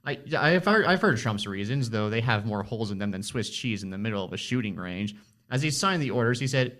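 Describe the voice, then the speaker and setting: A man's voice: lowish voice, animated, fairly quick, a bit bright. Teen boy, student co-presenter, sarcastic, incredulous, scripted commentary. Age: teens. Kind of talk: scripted commentary for a school project podcast.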